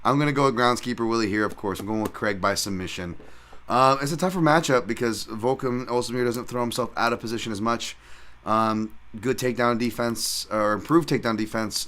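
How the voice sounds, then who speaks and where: A man hosting a solo podcast who talks in rambling, profane, animated rants. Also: lowish voice. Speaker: podcast host and fight analyst.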